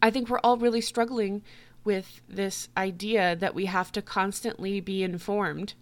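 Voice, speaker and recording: A woman on her own podcast, ranting in a loose, casual monologue. She talks bluntly, swears freely and breaks into laughs now and then. Her voice sits at a middle pitch. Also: unhurried. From United States. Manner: blunt, profane, laughing, animated. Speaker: podcast host.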